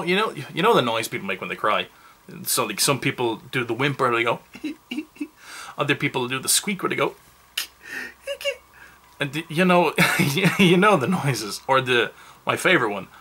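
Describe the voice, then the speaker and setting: A man's voice: medium pitch, pushed and bright, slightly rough. A man giving a casual, rambling movie review, full of self-mocking asides.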